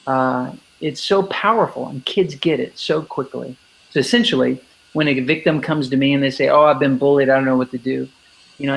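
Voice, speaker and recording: A man with a somewhat high voice and a gravelly fry, talking as an interview guest. He explains his points with emphasis and keeps slipping into the voices of the kids he quotes. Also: low-quality recording. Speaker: anti-bullying speaker and educator.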